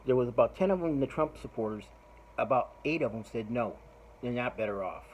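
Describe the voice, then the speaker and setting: A man's voice: medium pitch, lively intonation, a little fast, darkish tone, a little hiss or hum, low-quality recording. Profane rambling man telling a story. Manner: profane, rambling, laughs while retelling. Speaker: podcast host. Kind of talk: casual storytelling monologue.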